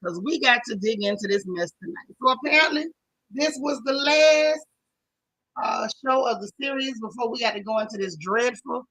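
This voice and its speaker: A woman's voice: a little high, pushed and bright, dry recording, poor audio. A woman with a Southern US accent hosting a casual live recap chat, greeting viewers by name and talking with sassy slang. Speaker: show recap host.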